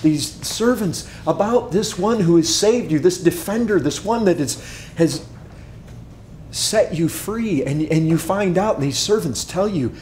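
A male pastor preaching a sermon and telling a vivid story, swinging from loud to hushed. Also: a little high, animated, unhurried, reverberant, a little hiss or hum. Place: church sanctuary.

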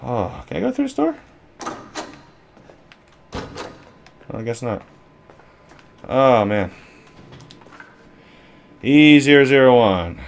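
A man commenting on his own horror game play, cursing angrily and talking back at the game. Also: mid-range voice. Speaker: gaming video host. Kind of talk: profane let's-play commentary.

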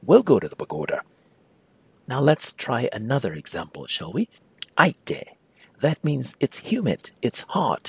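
A man teaching a language lesson, patiently explaining step by step and repeating words slowly. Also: fairly low pitch, a little mellow, husky, no room sound.

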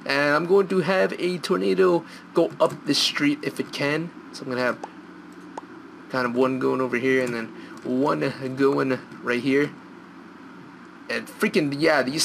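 A young man commentating on a video game from his room at home, excitable and rambling, now and then breaking into snatches of song. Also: mid-range voice, a little hiss or hum, poor audio. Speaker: gameplay commentator. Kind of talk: gameplay commentary.

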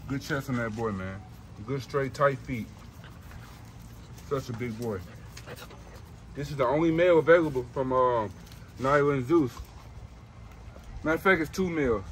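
A man's voice: mid-range voice, moderate pace, pauses often, slight background noise, low-quality recording. A young man filming with his phone outdoors, selling puppies in a hyped, slangy way and repeating himself a lot. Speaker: dog breeder. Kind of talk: casual sales video.

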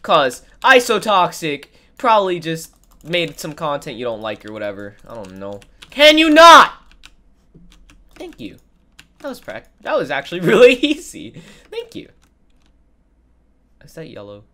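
A woman's voice: sits low, huge pitch swings, normal speed, fairly bright tone. A woman giving sarcastic, dramatic gameplay commentary while sick, her voice nasal and congested. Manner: sarcastic, exclaiming, dramatic mock complaints. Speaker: gaming video creator.

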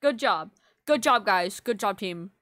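A woman's voice: medium pitch, animated, unhurried, fairly bright tone, no echo. A woman streaming live, chatting casually with her viewers and teasing them in a playful, mock-offended way. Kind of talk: casual livestream chat with viewers.

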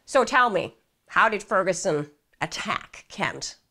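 An impatient, leading police interrogator with an American accent, coaxing and nudging a suspect toward the answer, as a woman puts him on. His pitch swings up and down as he pushes. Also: lively intonation, slow pace, sharp tone, exaggerated voice. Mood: pushy. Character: pushy male police interrogator.

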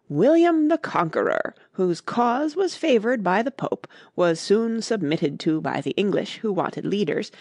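A woman's voice: medium pitch, a little mellow, no echo, studio quality, voice pushed up. A woman voicing a self-important mouse who lectures a crowd and takes offense easily. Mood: pompous.

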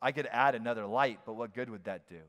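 A man preaching a sermon as a pastor, animated and playful, now and then acting out shouted voices. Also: medium pitch, quick pace. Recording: long hall reverb.

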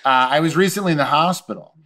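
Animated man telling funny stories. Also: fairly high pitch, fast. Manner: animated storyteller who acts out quoted voices. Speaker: guest. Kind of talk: comedic storytelling in casual podcast chat.

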